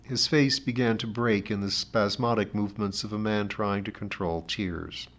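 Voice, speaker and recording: A man narrating a novel in a steady, expressive reading voice. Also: lowish voice, normal speed. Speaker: audiobook narrator.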